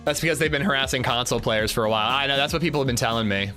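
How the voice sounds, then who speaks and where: A man's voice: medium pitch, racing, hardly any pauses, pushed and bright, faint music behind. A man livestreaming a game, chatting casually and thanking viewers. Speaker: streamer. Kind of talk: casual livestream gaming chat.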